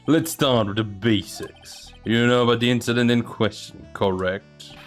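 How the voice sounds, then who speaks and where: A man doing a slow, cool-voiced prosecutor. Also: medium pitch, fairly even intonation, faint music behind, close to an everyday voice. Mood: smug.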